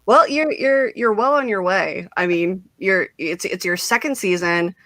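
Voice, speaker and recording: Female host, casual livestream chat, bright edgy tone, bubbly and giggly, dry close sound. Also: medium pitch, a little slow, no room sound. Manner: bubbly, giggly storytelling with lots of "like".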